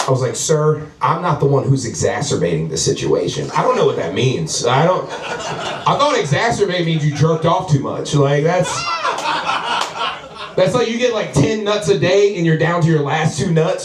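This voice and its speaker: A man performing profane, animated stand-up storytelling at a house comedy show, acting out the people in his story. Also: medium pitch, background noise. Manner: animated, profane, acts out characters. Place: house party comedy show with live audience. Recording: echoey room, distant mic, audience laughter.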